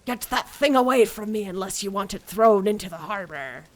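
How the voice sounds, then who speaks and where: A woman voicing a gruff pirate character from a game, with a mock pirate accent. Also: medium pitch, animated, normal speed, slight background noise, lightly acted. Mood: threatening.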